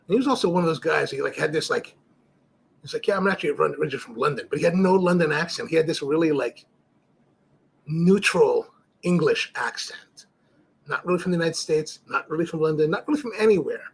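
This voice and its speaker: A middle-aged man hosts a casual live stream, talking loosely and circling back on himself as he tells a story. His voice is gravelly and a little husky, and his pitch sits on the high side with lots of rise and fall. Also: expressive, brisk. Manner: rambling, storytelling, frequent restarts and fillers. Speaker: cigar livestream host. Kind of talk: casual live-stream chat reading viewer comments.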